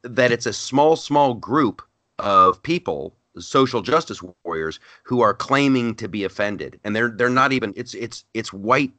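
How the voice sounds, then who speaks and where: A middle-aged man, a comedian, telling stories in a casual interview, animated and often repeating words as he starts a sentence. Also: medium pitch, measured pace, no room sound. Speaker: stand-up comedian guest.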